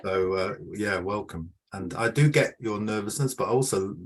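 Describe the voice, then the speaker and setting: A man with a low, husky voice leads a workshop discussion over a video call. He responds to participants with encouraging affirmations in a relaxed conversational way. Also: normal speed. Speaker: workshop facilitator. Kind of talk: casual discussion.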